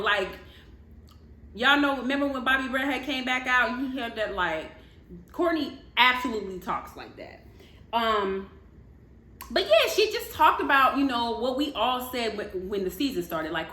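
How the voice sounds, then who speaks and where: Woman, casual gossip vlogger, chatty, lively swooping pitch, roomy echo. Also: normal speed. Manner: animated, addresses viewers as y'all, laughs often. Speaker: commentary vlogger.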